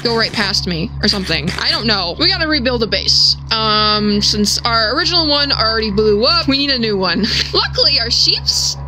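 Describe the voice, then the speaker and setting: A young woman giving casual gameplay commentary, excitable, swearing and shrieking when startled. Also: a little high, normal speed, few pauses, low-quality recording. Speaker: gaming streamer. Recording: music playing behind the voice.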